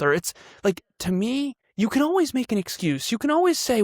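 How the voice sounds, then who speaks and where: This male podcast guest, a CEO, has a high voice with wide pitch swings and talks fairly quickly, barely pausing. The studio-quality recording is dry, and he argues emphatically, building force with an occasional laugh.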